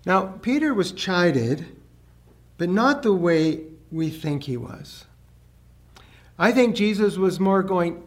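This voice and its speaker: A man's voice: animated, slow, long pauses. A man preaching a sermon, earnest, raising his voice for emphasis. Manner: earnest, rises in pitch and volume for emphasis. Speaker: pastor.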